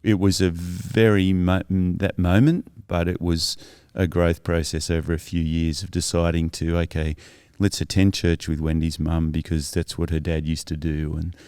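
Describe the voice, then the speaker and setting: A man's voice: deep voice, flat delivery, normal speed, hardly any pauses, a little mellow, smooth, dry recording, clean studio sound. A man as a podcast guest, earnestly telling his life story in a thoughtful, reflective way that is often self-correcting.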